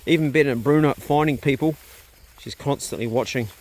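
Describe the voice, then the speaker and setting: A homestead vlogger with a brisk, medium-pitched voice strolls around his rural property, filming on his phone as he walks. He chats easily with his animals and rambles through a casual walk-and-talk.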